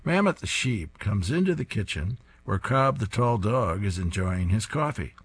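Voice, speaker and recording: Husky low-voiced man reading comic strips. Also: animated, moderate pace. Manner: chuckles at the jokes. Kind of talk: reading service narration.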